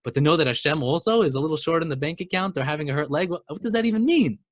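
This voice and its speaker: A man teaching a Torah lesson and telling a story, speaking emphatically and building to excited exclamations. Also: on the high side, very fast.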